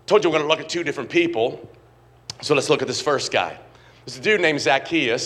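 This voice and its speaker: A middle-aged male pastor with a high, bright, ringing voice delivers an emphatic sermon. He swings from quiet asides to loud, shouted climaxes, repeats words as he builds, and keeps calling on the congregation. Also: fairly quick, slight background noise.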